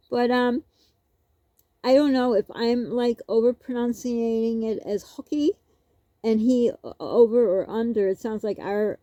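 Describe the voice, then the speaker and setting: A woman's voice: fairly high pitch, warm tone, dry recording. A woman vlogger telling a rambling, casual story, laughing often as she goes.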